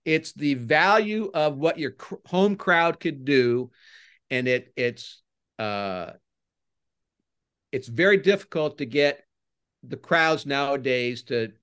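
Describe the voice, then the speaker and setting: An older man, a former baseball coach, chatting as a podcast guest and telling rambling stories that get animated when he retells crowd chants. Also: mid-range voice, smooth. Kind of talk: casual podcast interview, storytelling.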